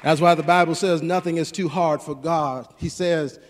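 High-voiced preacher man, reverberant sanctuary. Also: steady tone, normal speed, some chatter behind. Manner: call-and-response preaching, rising to shouts. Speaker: pastor. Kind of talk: sermon.

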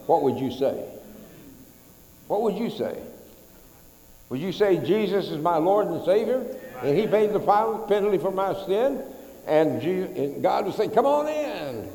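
A man's voice: high voice, expressive, unhurried, long pauses, warm tone. A middle-aged man preaching a sermon in a folksy, conversational way, leading his congregation in call-and-response. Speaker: pastor. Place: church sanctuary. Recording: echoey church hall.

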